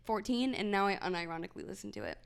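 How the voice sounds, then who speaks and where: A woman's voice: mid-range voice, rapid-fire, creaky, clear, resonant tone. A young woman co-hosting a podcast, chatting casually with friends, full of fillers and laughs. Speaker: podcast co-host. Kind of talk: casual chat.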